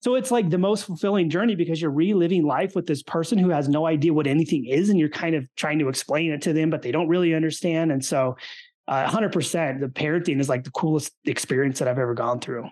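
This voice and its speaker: A man's voice: fairly high pitch, fast talker, darkish tone. A man, likely in his thirties, talking earnestly as a podcast guest, telling stories with animation. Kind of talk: casual interview talk.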